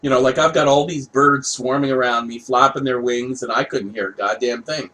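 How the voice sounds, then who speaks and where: A man from Canada casually telling a personal story, animated, laughing and swearing as he goes. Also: medium pitch, brisk, rough recording.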